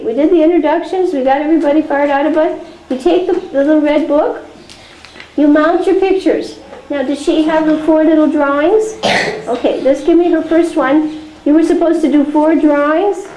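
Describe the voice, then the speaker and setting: A woman teacher telling a story and giving practical instructions in a chatty, animated way during a teacher training class. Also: sits high. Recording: echoey room with faint noise.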